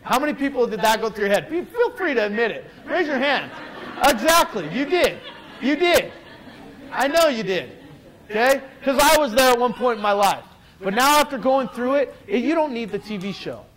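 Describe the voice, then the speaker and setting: A man's voice: extremely high pitch, animated, fairly quick, fairly bright tone, a faint crowd, poor audio. A man speaking as a guest to a live group, giving an earnest, emphatic motivational talk full of restarts and direct questions to the audience. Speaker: guest speaker addressing a weight-loss group.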